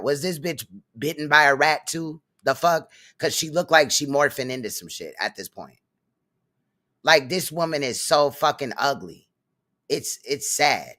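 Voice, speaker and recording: A man giving casual reaction commentary in a mocking, drawn-out way. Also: mid-range voice, pushed and bright.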